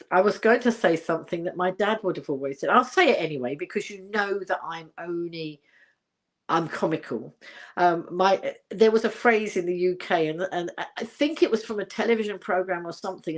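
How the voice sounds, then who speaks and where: A woman's voice: lowish voice, moderate pace. An older woman hosting a casual livestream, chatting in a rambling way with many fillers and restarts and reading out viewer comments. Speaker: livestream host.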